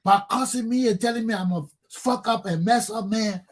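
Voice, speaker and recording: Liberian talk show host, fiery preachy delivery, husky, slightly high voice. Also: male voice, normal speed. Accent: Liberian English. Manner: preachy and fiery, swings from low intensity to shouting. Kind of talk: impassioned monologue.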